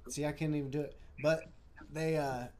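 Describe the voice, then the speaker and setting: A man from Minnesota co-hosting a live stream, talking in a laid-back, slangy way that swings from low mumbles to loud bursts. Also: fairly even intonation, moderate pace, a little hiss or hum. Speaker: live show co-host. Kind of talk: casual stoned chat. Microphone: livestream mic.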